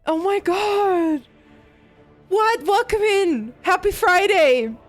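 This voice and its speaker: A woman's voice: very high-pitched, expressive, takes it slowly, faint music behind. A woman streaming a horror game live, talking to chat and often panicking with shrieks and laughter. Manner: panicky, frequent screams and laughter.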